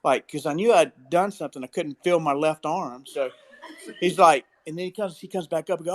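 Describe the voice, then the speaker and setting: A man's voice: fairly high pitch, moderate pace, a little hiss or hum. A man, telling a story as a father in an easygoing, self-mocking way. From Mississippi, US. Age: 50s. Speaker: father sharing a memory. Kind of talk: casual storytelling.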